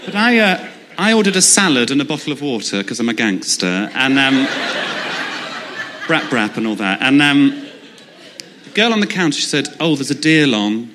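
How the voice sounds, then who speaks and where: Lively stand-up comic in his twenties. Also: normal speed, long pauses, a little hiss or hum. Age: 20s. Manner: deadpan storytelling with sudden high-pitched outbursts. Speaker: stand-up comedian. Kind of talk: stand-up comedy set. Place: comedy club stage. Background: audience laughter.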